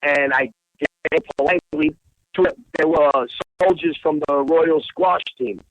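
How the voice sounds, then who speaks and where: A man's voice: a little high, fairly even intonation, a little slow, no room sound. A man telling a rambling, profanity-laced story as a guest on a casual talk podcast. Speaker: guest, bar owner. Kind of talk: casual phone-in chat. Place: Bangkok, Thailand. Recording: dull lo-fi podcast audio.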